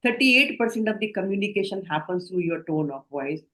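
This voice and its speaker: An Indian woman trainer talks through a communication skills lecture, steady and explanatory. She often stops to put questions to her group. Her pitch sits in the middle of the usual range. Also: brisk, poor audio. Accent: Indian English.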